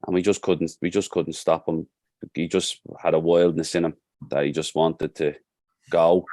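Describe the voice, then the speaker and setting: Deep-voiced Dublin man, earnest. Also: little pitch movement, normal speed, warm tone, no room sound, studio quality. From Ireland. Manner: earnest, heartfelt storytelling. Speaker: guest, football coach. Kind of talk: casual podcast conversation.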